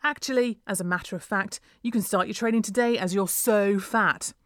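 A woman reading a story aloud, voicing a loud, cruel schoolboy bully. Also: mid-range voice, moderate pace, no echo, clean studio sound, close to an everyday voice. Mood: jeering. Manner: loud, jeering.

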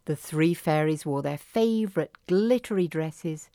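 A woman reading a children's fairy story aloud, slowly and carefully. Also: sits low, mellow, no room sound, studio quality.

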